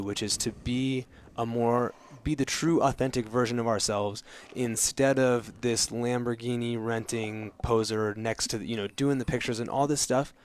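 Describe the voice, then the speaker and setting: A man's voice: medium pitch, slight background noise. A man co-hosting a live online show, talking earnestly in casual chat.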